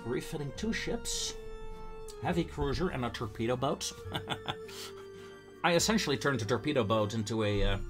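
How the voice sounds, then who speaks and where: A man's voice: medium pitch, animated, moderate pace, long pauses, music in the background. A man casually commenting on his own strategy gameplay, thinking aloud with fillers and frequent laughter.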